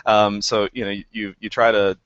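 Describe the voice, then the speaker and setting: A game director, guesting on a podcast, chats casually and rambles, chuckling at himself in a self-deprecating way. His voice is on the low side, with a level tone, moderate pace, and fairly bright timbre. The podcast audio is dry, slightly dull, and echo-free.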